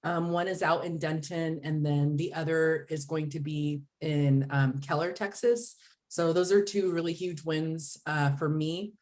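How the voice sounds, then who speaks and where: Woman agent, low voice, candid and chatty on a team call. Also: steady tone, unhurried, darkish tone. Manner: candid, chatty, self-deprecating. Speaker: real estate agent. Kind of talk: casual video call update. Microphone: video call.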